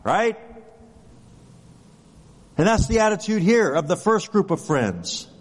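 This pastor speaks slowly in a high, sing-song voice. He preaches conversationally, asking rhetorical questions and often checking in with "right?" The audio has a long hall reverb.

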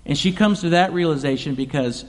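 A man preaching a sermon in a relaxed, conversational way, retelling scripture in casual everyday words. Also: fairly high pitch, fairly quick, big-room sound. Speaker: pastor.

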